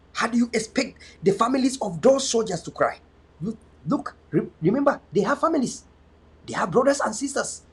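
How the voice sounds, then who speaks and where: Husky high-voiced man, impassioned. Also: darkish tone. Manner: emotional, pleading, preacher-like cadence. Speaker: online show host. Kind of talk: impassioned political address.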